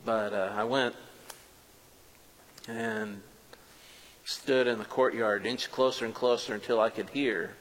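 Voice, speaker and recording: A man's voice: lowish voice, fairly even intonation, slow pace, pauses often, fairly bright tone, in a large hall, poor audio. A man performing a first-person dramatic monologue as a preacher, telling the story earnestly with self-mocking asides. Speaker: preacher performing a biblical character.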